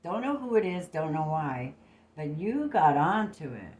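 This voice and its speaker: Woman tarot reader, low voice, blunt, swears a lot, phone mic, echoey room. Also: big pitch swings, unhurried, darkish tone. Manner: blunt and emphatic, swears freely. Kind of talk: casual tarot reading to camera.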